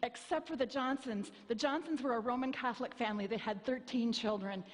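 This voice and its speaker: A woman pastor in her fifties delivers a sermon with a slightly high voice. She tells stories in a wry, self-mocking way and acts out voices. The sound carries a long reverb from the church hall. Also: fairly quick. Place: church sanctuary.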